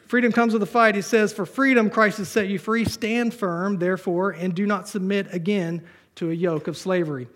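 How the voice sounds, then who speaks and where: Man, high voice, pastor, sermon, reads scripture, joking asides, church. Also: steady tone, moderate pace, fairly bright tone, slight background noise. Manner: conversational preaching with humor, reading scripture aloud.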